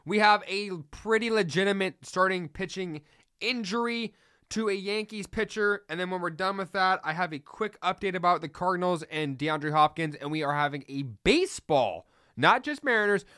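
Young man, sports podcast host, ranting opinions, smooth clear voice, dry close sound. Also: high-pitched, a little fast, bright, forceful tone, dry recording. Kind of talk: casual solo sports podcast.

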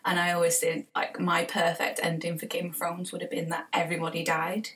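A woman's voice: on the low side, monotone, fairly quick, distant mic, background noise. A woman co-hosting a casual podcast chat, enthusiastic, swearing and calling her friend "baby". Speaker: podcast co-host.

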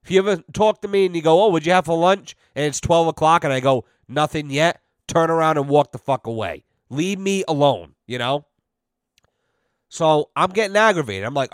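A man hosts his podcast and tells a story, swearing freely and acting out both sides of each exchange. His voice sits a bit high and sounds smooth and clear, recorded close and dry. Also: normal speed, no room sound. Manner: profane, animated, acts out both sides of conversations. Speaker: podcast host. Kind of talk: casual storytelling monologue.

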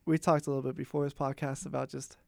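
A man's voice: mid-range voice, flat delivery, quick pace, vocal fry, a little mellow, dry recording, clean studio sound. A man hosting a podcast in casual chat, often laughing while asking questions. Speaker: podcast host.

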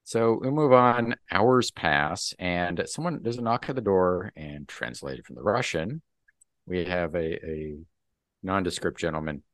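A man's voice: sits low, animated, a little slow, no room sound, studio quality. A man hosting a podcast, casually recapping a comic book and acting out its dialogue. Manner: recaps the plot and acts out the dialogue. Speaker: podcast host.

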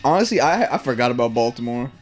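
A man's voice: medium pitch, fast talker, faint music behind. A young man co-hosting a casual podcast, blunt and joking. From New Jersey. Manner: blunt, joking, lively intonation. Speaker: podcast co-host. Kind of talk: casual chat.

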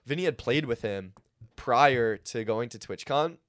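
A young man co-hosting a podcast, telling rambling stories in a relaxed, slangy way. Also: medium pitch, a little slow. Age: young adult. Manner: laid-back, slangy, rambling storyteller. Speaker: podcast co-host. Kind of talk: casual chat.

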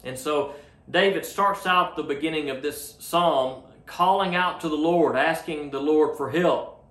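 A man's voice: fairly high pitch, unhurried, a bit bright, roomy sound. A man preaching a sermon as a pastor, earnest and plain-spoken, often repeating words as he restarts a thought.

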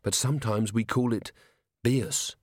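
A steady young woman of the city watch, voiced by a male reader close to his own voice. She speaks plainly and matter-of-factly. The audio is dry and close. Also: medium pitch, a little slow, no room sound, lightly acted. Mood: firm. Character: steady young female watch officer, blunt. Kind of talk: audiobook character voice.

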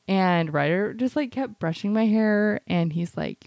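A woman's voice: lowish voice, unhurried, hardly any pauses, a little mellow, clean tone, no echo, clean studio sound. A woman co-hosting a casual podcast chat, rambling through a personal story with a constant "like". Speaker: podcast co-host.

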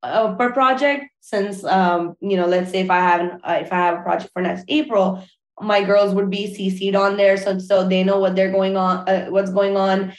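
A woman's voice: medium pitch, normal speed. Woman wedding planner in an echoey room. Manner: relaxed, frequent fillers and restarts. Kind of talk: casual interview chat.

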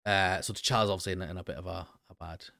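Male recap host, low-pitched and dry, casual and rambling, stumbles over restarts. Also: fairly even intonation, fast talker, creaky, bright, forceful tone, no room sound. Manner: rambling, many fillers and restarts. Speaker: show host recapping an episode. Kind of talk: casual commentary.

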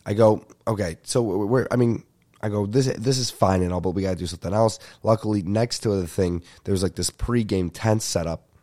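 A young man, telling a comic story as a podcast host in an animated, profane rant. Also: on the low side, a little fast. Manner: animated ranting with frequent profanity. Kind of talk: ranting comedic storytelling.

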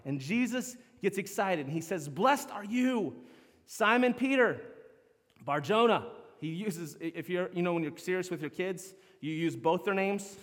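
Man, pastor preaching, high voice, long hall reverb. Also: normal speed, few pauses. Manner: animated preaching, acts out quoted lines. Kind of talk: sermon.

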